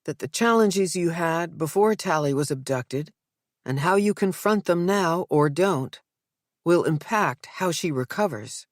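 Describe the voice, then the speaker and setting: A woman voicing a calm female therapist in an audiobook, gentle and measured. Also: on the low side, no room sound, clean studio sound.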